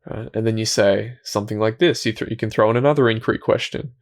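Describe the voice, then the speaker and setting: A man hosting a reflective self-help talk, speaking calmly and gently, often restarting his thoughts and dropping into soft, quiet asides. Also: fairly low pitch, quick pace. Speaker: self-help video host.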